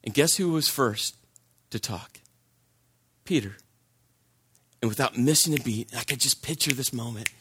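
A man's voice: mid-range voice, normal speed, long pauses, sharp tone, husky. A man preaching a sermon, telling a personal story in a conversational way and repeating phrases for emphasis.

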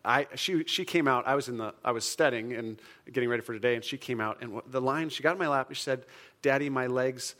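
A man preaching a sermon in a casual, conversational way, full of fillers and restarts and jumping up for emphasis. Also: fast. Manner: animated, jumps up in pitch and volume for emphasis. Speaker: pastor.

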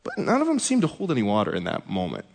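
A man's voice: fairly low pitch, wildly swooping pitch, quick pace, vocal fry, a little hiss or hum. A man preaching a sermon as a pastor, telling a story with humor. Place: church sanctuary. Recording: echoey hall reverb.

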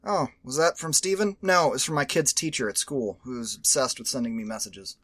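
A man hosting a podcast in casual chat, rambling, animated and profane. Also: mid-range voice, a little fast, no room sound. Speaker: podcast host.

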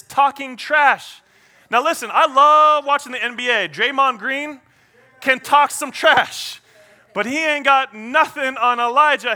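A pastor preaching a sermon, retelling a story with lively acted-out quotes and playful asides. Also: male voice. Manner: animated storytelling preacher, acts out quotes and trash talk; shifts between loud excited bursts and low quiet asides.

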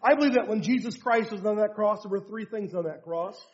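A man's voice: sits high, fairly quick, dull audio. A man preaching as a pastor, quoting scripture and telling a story from his family life in an earnest sermon. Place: church rally hall.

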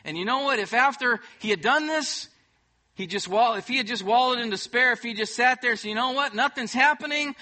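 Bright, high-voiced male preacher. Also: a little fast. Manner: emphatic preaching, swinging between loud bursts and soft, hushed moments. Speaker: pastor. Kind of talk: sermon.

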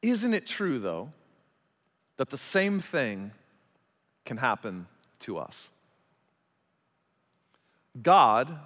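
A man preaching a sermon as pastor, animated and emphatic, shifting between loud, urgent lines and quiet, slow ones. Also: mid-range voice, big-room sound.

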